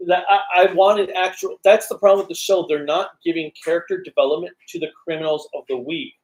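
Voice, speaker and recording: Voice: mid-range voice, fairly even intonation, a little fast. A co-host in casual chat, critical and insistent about a TV show's writing. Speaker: podcast co-host.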